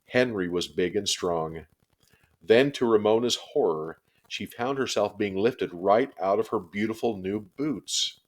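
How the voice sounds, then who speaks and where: Deep-voiced man reading a children's book. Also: measured pace. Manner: steady, expressive storytelling. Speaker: storyteller. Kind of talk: children's book read-aloud.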